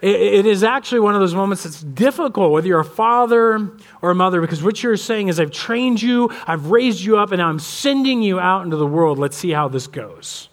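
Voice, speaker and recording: A middle-aged man gives a sermon in a notably high voice. He tells anecdotes from home and plays out the conversations as he goes. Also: expressive, brisk. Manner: storytelling, acts out family dialogue. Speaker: pastor.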